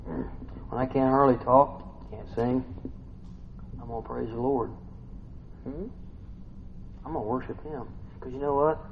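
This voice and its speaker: A man preaching a sermon, reading scripture and expounding on it, dropping to hushed asides and rising to loud exclamations, musing with hums between points. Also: mid-range voice, measured pace, pauses often. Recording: dull lo-fi recording with faint background noise.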